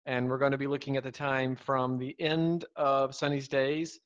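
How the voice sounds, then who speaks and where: A man's voice: mid-range voice, level tone, normal speed, smooth, highs cut off. A man chatting casually on a live stream, rambling and correcting himself as he talks about his writing. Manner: rambling, self-correcting, easygoing.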